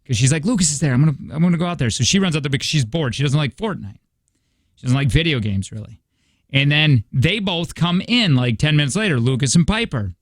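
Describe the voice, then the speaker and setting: A man's voice: on the high side, expressive, fast, no room sound. A man in his thirties hosting a morning radio show, rambling through stories in casual chat. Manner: rambling storyteller, chatty. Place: radio studio. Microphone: studio microphone.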